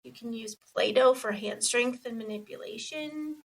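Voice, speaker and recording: A woman co-hosting a podcast who calmly explains and lists examples as an occupational therapist. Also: on the high side, measured pace, distant mic, rough recording. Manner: steady, explanatory, listing examples. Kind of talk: casual podcast chat, explaining.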